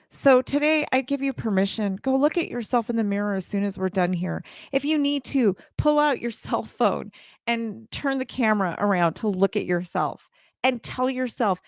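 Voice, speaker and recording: A woman's voice: mid-range voice, lively intonation, moderate pace, dry recording, studio quality. A woman in her forties gives a heartfelt motivational talk to live viewers as a community leader, speaking earnestly and repeating her phrases.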